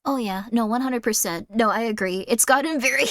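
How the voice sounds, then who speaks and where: A woman streamer in casual chat with a fairly high voice. She agrees readily, laughs easily and strings her thoughts into long sentences. Her voice is close and dry. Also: brisk, a bit bright, dry recording.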